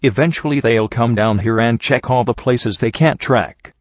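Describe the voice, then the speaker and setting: A man reading a storybook, voicing a grieving young male pony who pleads in a soft, rushed way. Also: mid-range voice, no room sound, natural voice. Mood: desperate. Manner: soft, rushed, sobbing pleas. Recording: dull dry recording.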